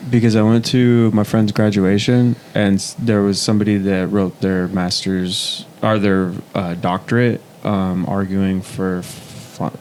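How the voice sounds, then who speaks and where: A man's voice: fairly low pitch, flat delivery, unhurried, hardly any pauses, a little mellow, slight background noise. A man co-hosting a podcast in casual talk, rambling with lots of restarts as he works out his point. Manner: rambling, many fillers and restarts. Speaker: podcast co-host.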